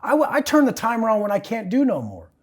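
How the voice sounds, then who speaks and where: A young man as an interview guest, talking bluntly and forcefully with a lot of swearing in an intense motivational way. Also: very high-pitched, wildly swooping pitch, fast.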